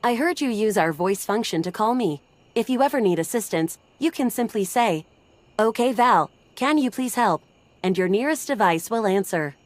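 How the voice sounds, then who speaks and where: A woman voicing a calm, polite female smart-home voice assistant in a video game. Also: mid-range voice, moderate pace, dry recording, natural voice.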